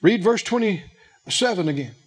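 A man's voice: sits high, animated. A man preaching a sermon, drawing out his phrases and firing questions at the congregation. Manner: emphatic, drawn-out phrasing with questions to the audience; plays out little acted dialogues.

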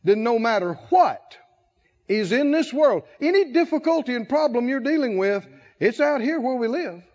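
A male pastor delivers a sermon, swinging between soft asides and loud, shouted exhortation. His voice sits very high and leaps about. The recording is dull and lo-fi. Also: expressive, moderate pace.

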